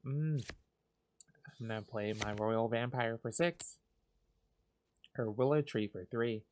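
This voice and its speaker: A man giving calm, soft, unhurried commentary as he plays a cozy game for sleepy listeners. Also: medium pitch, background noise. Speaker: gaming channel host.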